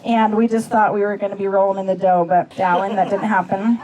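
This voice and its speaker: A woman's voice: mid-range voice, little pitch movement, brisk, mellow, highs cut off, slight background noise. A middle-aged woman, the groom's mother, giving an emotional personal tribute, tearful and laughing through her words. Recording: faint background music.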